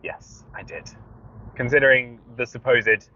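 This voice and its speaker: A man co-hosting a podcast in casual chat, telling stories in an animated way and laughing often, recorded inside a car. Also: medium pitch, a little slow. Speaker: podcast co-host. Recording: dull lo-fi recording.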